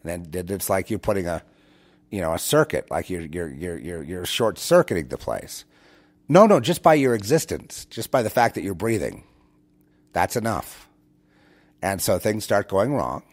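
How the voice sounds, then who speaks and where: A man's voice: low-pitched, sing-song, normal speed. A man hosting his own show, talking straight to his listeners in a rambling, preachy monologue full of restarts and repeated words. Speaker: show host.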